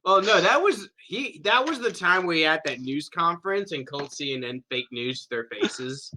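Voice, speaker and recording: A young man co-hosts a comedic podcast, launching into loud, profane rants full of laughter and mock voices. His voice is on the high side and expressive, at a normal speed.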